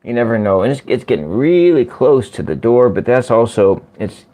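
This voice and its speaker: A man hosting a casual livestream from home, chatting slowly and rambling as he answers viewer comments. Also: medium pitch, expressive, mellow. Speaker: livestream host. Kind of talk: casual live-stream chat with viewers. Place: at home by a window.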